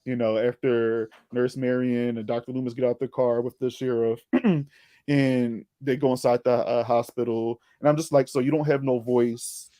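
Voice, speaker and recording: A man's voice: mid-range voice, normal speed, no echo. Guy hosting a movie talk, laughs a lot, loose and chatty, dry mic. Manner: laughs often, animated, loose chatty delivery. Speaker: podcast host. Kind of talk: casual movie review chat.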